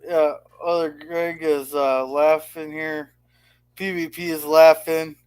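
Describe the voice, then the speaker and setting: A man co-hosting a casual livestream from home, with a notably high voice. He talks haltingly and keeps restarting his sentences, and the sound is very dry and close. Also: little pitch movement, a little mellow, smooth, dry recording. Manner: halting, hesitant, full of fillers and restarts. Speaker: livestream co-host. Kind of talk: casual live-stream chat.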